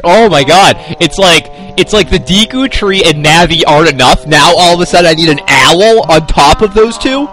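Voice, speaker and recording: A man's voice: on the high side, moderate pace, hardly any pauses, fairly bright tone, soft background music. A man from Maine chatting live while streaming a video game, reacting to it and talking to his viewers. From Maine, United States.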